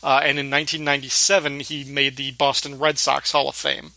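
A man's voice: medium pitch, little pitch movement, a little fast, gravelly, bright, forceful tone, slight background noise. A man co-hosting a podcast, casually recapping a sitcom episode and laughing often as he retells scenes. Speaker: podcast co-host.

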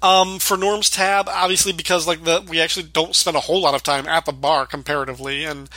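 Bright, lively-toned male podcast host. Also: a little high, fast talker, no echo. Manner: rambling, heavy use of "like", acts out quotes. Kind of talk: casual chat recapping a sitcom episode.

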